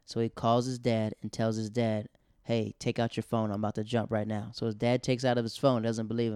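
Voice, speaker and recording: Animated young man telling comedy stories. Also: medium pitch, fairly quick, smooth, dry recording, clean studio sound. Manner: animated, acts out quotes in raised voices. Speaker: podcast host. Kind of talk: casual comedic storytelling.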